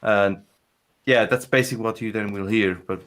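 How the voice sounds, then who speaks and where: A man chatting casually on a podcast, halting and repeating words as he searches for them. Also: lowish voice, fairly bright tone, faint music behind. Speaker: podcast co-host. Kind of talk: casual chat.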